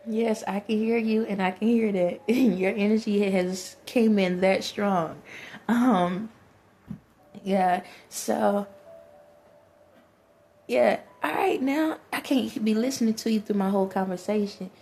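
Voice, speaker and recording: A woman's voice: medium pitch, steady tone, unhurried, dark tone. A woman, talking to her viewers in a rambling spiritual monologue, laughing often and speaking to presences only she feels.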